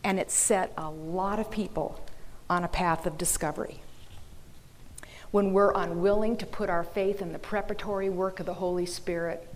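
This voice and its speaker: A woman's voice: on the low side, steady tone, normal speed, a little hiss or hum. A woman giving an earnest, emphatic talk to a church audience, sometimes dropping into a mocking whisper. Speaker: speaker. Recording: reverberant hall.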